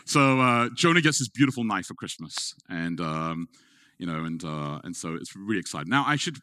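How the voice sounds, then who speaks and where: A middle-aged man preaching, telling a family story, moving between playful, animated moments and quiet, hushed ones. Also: on the low side, no room sound, clean studio sound. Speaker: pastor. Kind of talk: sermon with personal story. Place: event hall with an audience.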